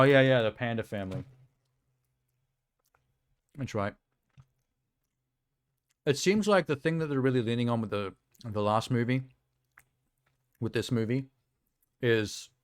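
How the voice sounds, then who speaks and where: A man's voice: medium pitch, clean tone, no echo, clean studio sound. A man streaming casual reaction chat, rambling and offhand with lots of fillers, talking around a sour lolly in his mouth.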